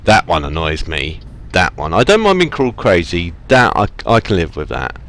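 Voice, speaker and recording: A man's voice: low-pitched, sing-song, moderate pace, hardly any pauses, fairly bright tone. A man with an English accent giving casual, self-mocking commentary while playing a truck driving game and talking back to the traffic. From England. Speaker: let's play gamer. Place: home, at a driving-sim rig.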